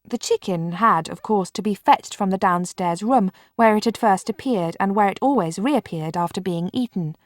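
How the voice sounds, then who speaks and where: A woman's voice: medium pitch, moderate pace, few pauses, no echo. Woman reading an audiobook, dry sound. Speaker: audiobook narrator. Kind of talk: scripted narration.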